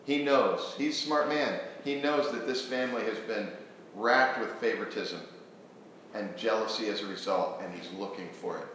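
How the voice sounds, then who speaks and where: A man preaching a sermon to a church congregation, posing questions to them in an earnest, animated way. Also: fairly low pitch, normal speed, slight background noise. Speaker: pastor. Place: church sanctuary. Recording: very echoey church hall.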